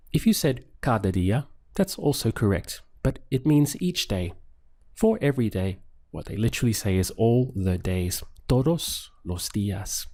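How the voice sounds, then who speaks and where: Calm man teaching a language lesson. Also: fairly low pitch. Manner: slow, deliberate, clearly spaced phrases. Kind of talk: scripted video lesson.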